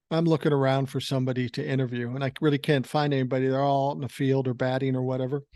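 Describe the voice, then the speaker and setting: A man's voice: medium pitch, mellow, no echo. Profane older man spinning yarns, dry sound. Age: 60s. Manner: profane, rambling anecdotal delivery. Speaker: podcast host. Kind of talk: casual storytelling.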